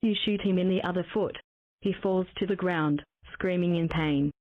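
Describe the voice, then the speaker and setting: A woman's voice: on the low side, normal speed, dry recording. Tinny synthetic woman narrator. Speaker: text-to-speech game narrator. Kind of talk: synthetic reading of game text. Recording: tinny phone-like dry sound.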